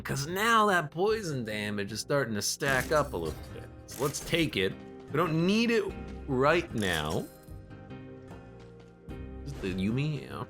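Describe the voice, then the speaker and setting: Man, game streamer, casual chatty commentary, animated pitch, game music behind. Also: unhurried. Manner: chatty, jokes at the game and at himself.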